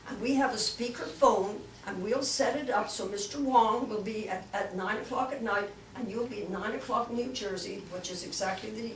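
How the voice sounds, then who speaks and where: A woman's voice: fairly high pitch, slight background noise. Older woman telling a story in an echoey room. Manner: lively storyteller, acts out quoted voices. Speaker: guest speaker. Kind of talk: storytelling talk to a club. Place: club meeting room. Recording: echoey room, mic from far off.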